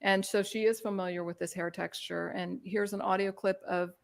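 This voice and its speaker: A woman's voice: medium pitch, steady tone, normal speed, creaky. Conversational woman presenting a talk. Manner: informal, many filler phrases. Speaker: presenter on hair culture. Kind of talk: conversational lecture.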